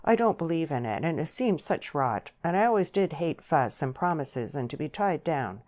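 An impulsive, restless young countryman in a spoken storybook, pressing his case with eager, slightly trembling earnestness. A woman reads him in her low, deep voice. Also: very animated, normal speed, darkish tone. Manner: eager, pleading, then blunt.

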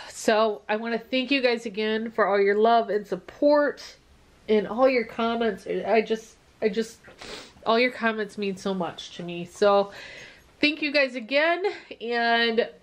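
A woman's voice: a little high, slow pace. A woman vlogging a casual update, emotional and relieved, tearing up and talking with many fillers.

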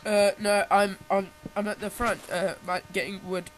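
A man's voice: high-pitched, little pitch movement, moderate pace, slight background noise, rough recording. A man, chatting and teasing his friend during a video game, slightly stuffy from a cold. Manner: joking, teasing, rambling. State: has a cold. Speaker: gameplay co-host. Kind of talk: casual gameplay chat.

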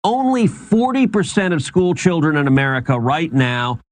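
A politician being interviewed, giving indignant talking points with stammering restarts. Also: male voice, on the high side, normal speed, no echo.

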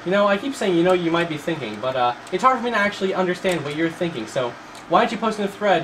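A man doing profane, mocking commentary over gameplay, swinging into fake excitement and yelling at enemies. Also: on the high side, fast, noisy background. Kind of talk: sarcastic let's-play commentary.

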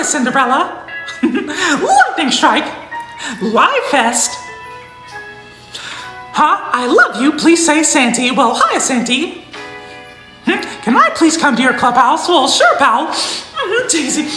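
A man's voice: extremely high pitch, wildly swooping pitch, slow pace, sharp tone, exaggerated voice. A man voicing a cheerful male cartoon mouse on a live stream, giggling and greeting viewers by name. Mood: giggly. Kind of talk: live-stream character impression. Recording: roomy room, faint music.

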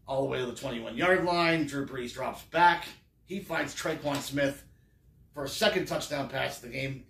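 A man's voice: medium pitch, gravelly, fairly bright tone, echoey room, distant mic, slight background noise. A man recapping a football game in a casual, wry and sarcastic way, rambling with fillers. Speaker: sports fan vlogger.

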